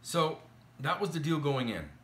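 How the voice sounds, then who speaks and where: Guy vlogging, rambly and fed up, bright voice, faint hiss behind. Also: a little high, big pitch swings, normal speed. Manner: chatty, exasperated, lots of fillers. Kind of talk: casual complaint storytelling to camera. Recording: echoey room.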